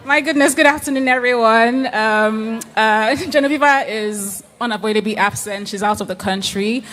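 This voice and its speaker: A woman's voice: a little high, fairly bright tone. Woman reading out a thank-you note for someone else, chatty and a bit self-mocking. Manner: chatty, self-deprecating, reads with pauses and fillers. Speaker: representative accepting an award for someone. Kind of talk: reading a message aloud.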